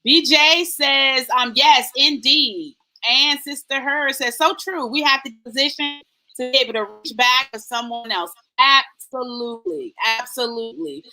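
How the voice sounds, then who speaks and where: A woman hosting a faith-based live stream, reading out viewer comments with lively, sing-song greetings. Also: high-pitched, a little slow, poor audio. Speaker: host.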